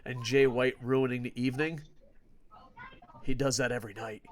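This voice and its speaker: A man's voice: medium pitch, flat delivery, moderate pace, slight background noise. Foul-mouthed male podcast host, emphatic and sarcastic, casual ranting predictions.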